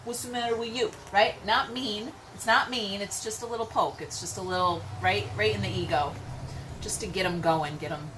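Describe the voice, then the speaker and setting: A woman giving a casual tarot reading, chatty and rambling, swearing freely, with sudden loud exclamations and frequent "okay?" check-ins. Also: medium pitch, moderate pace, slight background noise, poor audio. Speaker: tarot reader.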